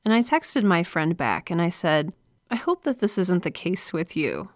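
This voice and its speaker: Earnest woman podcaster, low and dry. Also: very animated, moderate pace, dry recording. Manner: earnest, confiding, smiling delivery. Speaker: podcast host. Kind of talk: solo podcast monologue. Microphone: studio microphone.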